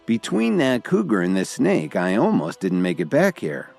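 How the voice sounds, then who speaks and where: Worn-out young man, gently wry, low voice lifted a little, storybook read, done by the narrator. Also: normal speed, vocal fry, breathy edge, faint music behind, full character voice. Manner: calm, gently teasing.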